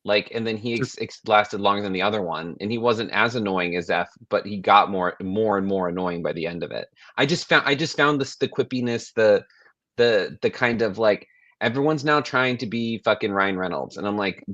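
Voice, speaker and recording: A man with a lowish voice chats loosely on a podcast, swearing freely and breaking off mid-sentence. The sound is dry and a little dull, as if from a lo-fi mic. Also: moderate pace, no room sound. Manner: rambling, animated, profane, trailing restarts. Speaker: podcast co-host. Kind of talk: casual chat.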